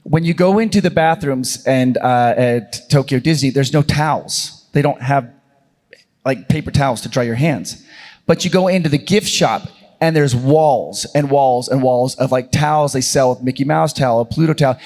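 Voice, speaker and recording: A man hosting a convention panel, telling stories in a chatty, animated way. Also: medium pitch, normal speed. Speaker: panel host and channel creator. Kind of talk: casual storytelling on a convention panel.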